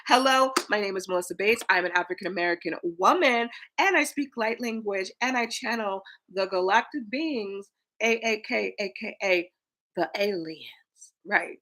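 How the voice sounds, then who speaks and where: Bright, energetic spiritual coach woman. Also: medium pitch, moderate pace. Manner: energetic, preachy, swears casually. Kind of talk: livestream talk to viewers.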